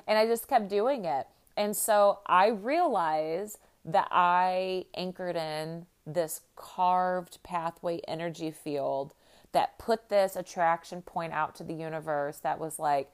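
A middle-aged woman from the Midwest talks straight to her listeners in a loose, friendly monologue. Her voice sits a little low for a woman. She keeps a chatty, upbeat flow, leaning on lots of "like" and "you know.". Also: unhurried. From American Midwest. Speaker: podcast host and life coach.

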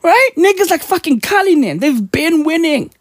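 A woman's voice: very high-pitched, big pitch swings, normal speed, no echo. Profane, slangy woman ranting. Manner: profane, slangy, emphatic, mocking. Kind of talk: casual ranting chat.

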